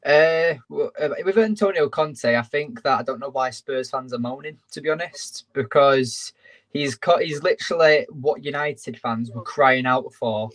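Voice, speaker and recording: Emphatic football fan panelist. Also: male voice, mid-range voice, a bit bright, poor audio. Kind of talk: casual panel chat.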